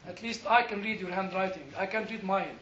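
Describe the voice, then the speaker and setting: A man's voice: high-pitched, brisk. A man leading a church Bible class, asking questions and joking at his own expense. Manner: animated, questioning, self-deprecating humor. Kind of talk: classroom discussion. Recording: far-off echoey room mic, slightly dull.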